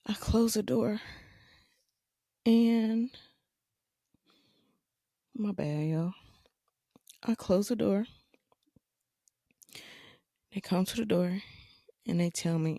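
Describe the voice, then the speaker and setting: A woman with a gravelly, mellow voice tells a personal story slowly, her delivery halting and tearful, circling back over the same phrases. The sound is close and dry, with no room behind it. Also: medium pitch, no echo. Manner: halting, repeats phrases, emotional. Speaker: podcast host.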